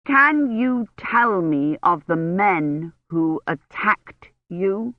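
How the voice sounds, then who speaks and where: A woman reading a kind young male knight who speaks slowly and over-distinctly. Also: fairly low pitch, expressive, dry recording, narrow, tinny audio. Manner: slow, over-distinct, emphatic speech.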